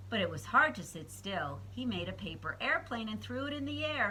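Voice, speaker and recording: A woman reading a children's picture book aloud, expressive and playful, chatting to young listeners between pages. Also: medium pitch, normal speed, hardly any pauses, a little hiss or hum, poor audio. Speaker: storyteller. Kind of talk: storybook read-aloud.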